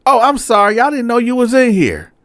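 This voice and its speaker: A man's voice: extremely high pitch, sing-song, fairly quick, a bit bright, dry recording, studio quality, voice pushed up, heavily acted. A man voicing a meek older male inmate who stammers and apologizes in a raised, fluttering voice. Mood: flustered.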